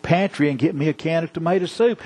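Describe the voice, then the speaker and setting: A coaxing young mother, put on by a male preacher in a sermon story, her voice raised and gentle. She stays patient and reassuring as she talks her child out of his fear. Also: a little high, fast talker, breathy edge.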